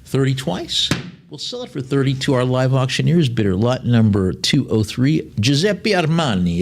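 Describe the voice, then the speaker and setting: A male auctioneer running a live sale. His voice sits at an ordinary middle pitch, and he switches between brisk bid calling and easygoing, joking descriptions of each piece. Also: slight background noise. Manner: rapid bid calling mixed with slower, chatty lot descriptions and dry asides.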